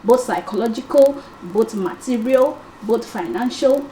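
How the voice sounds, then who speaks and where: A woman's voice: a little high, measured pace, warm tone, slight background noise. Woman panel guest, methodical explainer, echoey room with faint ambience. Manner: explains point by point, repeats key phrases. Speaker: talk show guest. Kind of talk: casual panel discussion.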